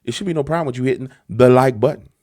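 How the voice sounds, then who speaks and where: A man's voice: mid-range voice, very fast, a little mellow, no room sound, clean studio sound. A man giving a casual spoken monologue. He talks emphatically about politics and acts out bits of dialogue along the way. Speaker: political commentator.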